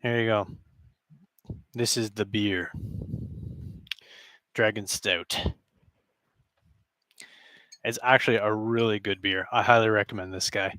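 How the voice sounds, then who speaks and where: A man's voice: on the low side, fairly even intonation, slow, long pauses, sharp tone, dry recording, studio quality. A man casually chatting and joking with his stream viewers from his basement, rambling with frequent chuckles. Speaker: live streamer. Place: basement room with a cardboard backdrop.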